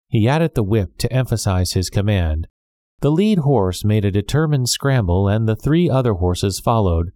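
A man reading a classic novel aloud as scripted storybook narration, measured and clear. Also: fairly low pitch, expressive, warm tone, dry recording, studio quality. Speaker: audiobook narrator.

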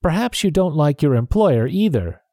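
A man voicing a proud, snappish gentleman squire in a storybook reading, raised above his usual voice. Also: a little high, sing-song, normal speed, dry recording, studio quality, voice pushed up. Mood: touchy. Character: touchy, boastful gentleman squire.

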